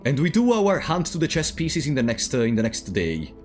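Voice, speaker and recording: Animated man streaming a puzzle game. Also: a little high, fairly quick, soft background music. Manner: thinking aloud, chatting with viewers, animated swings. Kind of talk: casual let's-play commentary.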